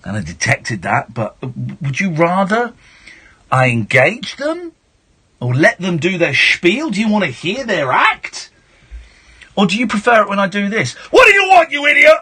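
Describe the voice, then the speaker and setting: A middle-aged man hosting a late-night phone-in radio show, switching from shouty mock outrage to soft reflection. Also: high voice, sing-song, unhurried, slightly rough. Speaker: radio talk show host.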